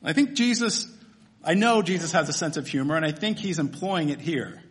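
A man's voice: fairly high pitch, animated, a little fast. A man preaching a sermon in a church, humorous and conversational, often asking his listeners questions. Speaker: pastor.

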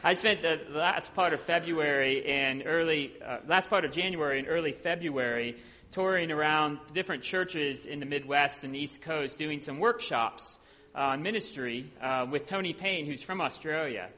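A man from Ohio preaching as a visiting preacher, talking in a relaxed, self-deprecating way with plenty of ums. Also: fairly high pitch, normal speed. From Ohio, USA. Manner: conversational and self-deprecating, with many filler sounds. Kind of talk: sermon. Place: church sanctuary. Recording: long hall reverb in a church.

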